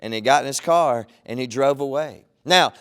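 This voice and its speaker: A man's voice: mid-range voice, moderate pace, clean tone. A man, a pastor, preaching a sermon in a conversational, storytelling way.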